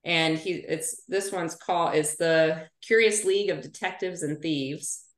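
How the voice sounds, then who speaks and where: A woman's voice: sits low, unhurried. Chatty woman physical therapist, roomy sound. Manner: chatty storyteller, animated asides. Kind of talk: casual podcast interview. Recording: roomy echo.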